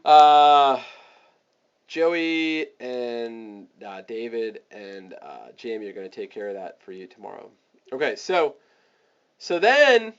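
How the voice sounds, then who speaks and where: Energetic man coaching sales on a webinar. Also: medium pitch, highs cut off. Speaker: online marketing coach. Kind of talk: webinar teaching.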